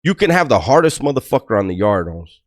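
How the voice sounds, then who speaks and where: Middle-aged man, low voice, swings up and down a lot; blunt, profane ex-con telling stories to camera. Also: sing-song, fast talker. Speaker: former prisoner giving life advice. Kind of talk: casual storytelling to camera.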